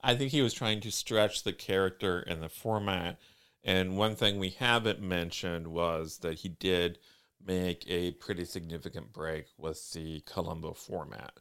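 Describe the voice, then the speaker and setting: Deep, smooth-voiced man podcast co-host. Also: measured pace, fairly bright tone. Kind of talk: casual chat.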